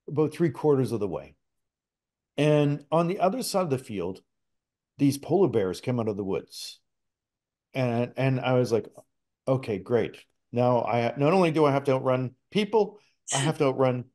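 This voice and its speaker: Middle aged canadian guy telling a story on a podcast, earnest, trips over his words, average pitch. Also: moderate pace. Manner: earnest, animated storyteller with frequent restarts. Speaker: podcast guest, spirit talker. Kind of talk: casual storytelling interview.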